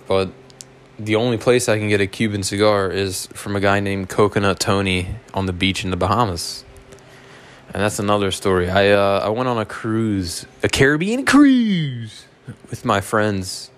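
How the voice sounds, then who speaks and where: A man with a lowish voice tells a story the way a podcast host does. He wanders off on tangents, swears freely and makes fun of himself. It sounds loose and unscripted. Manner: rambling, profane, self-mocking. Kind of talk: casual storytelling monologue.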